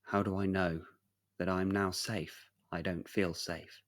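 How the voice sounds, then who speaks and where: A man's voice: sits low, level tone, a little slow. A man voicing a frightened crying child. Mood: fearful. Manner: small, pleading questions.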